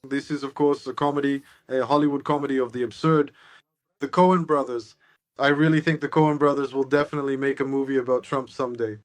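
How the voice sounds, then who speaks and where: A man's voice: medium pitch, fairly even intonation, fairly quick, dry recording. A man giving political analysis as an interview guest, sardonic and expansive.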